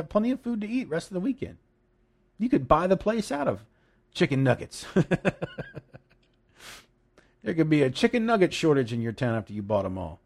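A man's voice: fairly high pitch, a little mellow. A man preaching a sermon, reading scripture and explaining it emphatically, with jokes and asides.

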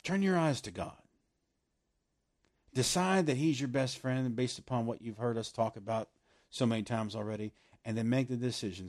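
A man preaching a sermon, swinging from loud emphasis down to hushed, almost whispered lines. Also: mid-range voice, normal speed.

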